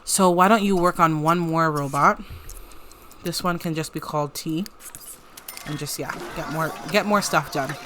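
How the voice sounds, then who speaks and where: Chatty giggly lady doing let's-play commentary, kinda low voice. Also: normal speed, fairly bright tone, a little hiss or hum. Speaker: gameplay creator.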